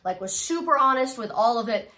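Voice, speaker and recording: A woman guest talks earnestly in a casual podcast chat. Her phrases trail off softly, and she fills them with frequent "like"s. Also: on the high side, animated, brisk.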